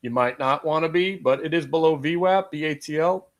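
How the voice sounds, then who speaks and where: On the high side and fairly quick, this voice belongs to a middle-aged day-trading show host from Brooklyn, New York, who has a Brooklyn accent. He's brash and foul-mouthed on his live stream, constantly cracking jokes on the side.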